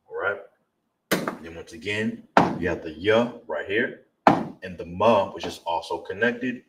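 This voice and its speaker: A man teaching a live-streamed lesson, drilling pronunciation slowly and checking in with viewers as he goes. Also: low voice, echoey room, recorded from a distance, background noise. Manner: slow, drawn-out pronunciation drills with repeated check-ins.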